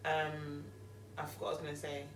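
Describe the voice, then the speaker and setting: Fast-talking low-voiced London woman. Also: far from the mic, a little hiss or hum. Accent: London English. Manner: animated, emphatic storyteller. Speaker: podcast guest. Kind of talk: casual chat. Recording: roomy, off-mic.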